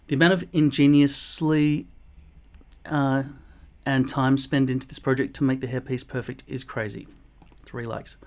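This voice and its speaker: A man's voice: medium pitch, little pitch movement, moderate pace, vocal fry, hardly any pauses. A man, casually reading and answering viewer comments in a blunt, mock-boastful way, swearing often. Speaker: vlogger replying to comments. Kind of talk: casual comment-reply monologue.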